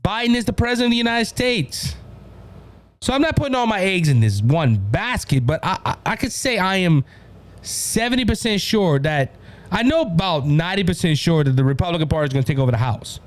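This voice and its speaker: A man with a Louisiana Cajun accent hosting a political commentary show, talking in an animated way and often addressing his listeners as ladies and gentlemen. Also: high voice, fairly quick. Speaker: host.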